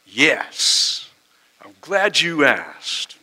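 A middle-aged man preaching a sermon as a pastor, impassioned, moving between loud emphasis and hushed tones. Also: on the high side, animated, unhurried, gravelly, poor audio.

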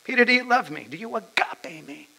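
A man playing a patient divine teacher who gently and repeatedly questions a disciple, within a sermon. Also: high-pitched, animated, brisk, vocal fry, pitched above the performer's own voice, full character voice. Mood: searching.

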